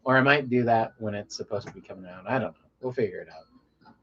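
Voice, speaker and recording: A man's voice: fairly low pitch, fairly quick, a bit bright, breathy edge. A man from Colorado hosting a casual late-night livestream, rambling in a laid-back way and often trailing off into a mumble. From Colorado, USA. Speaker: livestream host. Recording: dull lo-fi sound.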